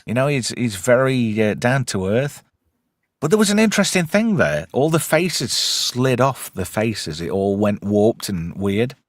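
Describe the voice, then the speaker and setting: Animated man recapping a show. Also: medium pitch, unhurried, no echo, studio quality. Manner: animated, swears freely, recaps episodes with acted quotes. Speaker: podcast host. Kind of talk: casual chat.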